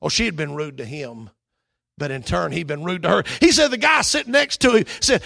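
Gravelly, bright-voiced preaching man. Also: fairly high pitch, expressive, brisk. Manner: impassioned preaching, rising to shouts. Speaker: pastor. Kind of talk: sermon.

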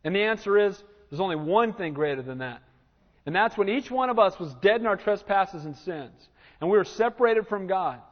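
Male pastor with a high voice, animated preaching, muffled lo-fi recording in a reverberant church. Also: normal speed. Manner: animated preaching, acts out Bible scenes. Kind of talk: sermon. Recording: reverberant church hall, dull lo-fi sound.

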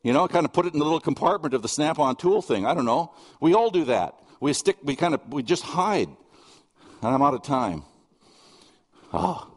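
A man's voice: a little high, sing-song, moderate pace, in a large hall. A middle-aged man preaching a sermon, earnest and conversational, mixing scripture with personal stories and asides. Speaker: pastor.

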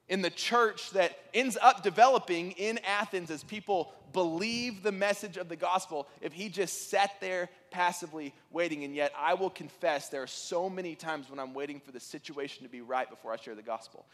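A man preaching a sermon, telling stories in an animated way that rises to excited peaks. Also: sits high, in a large hall. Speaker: pastor.

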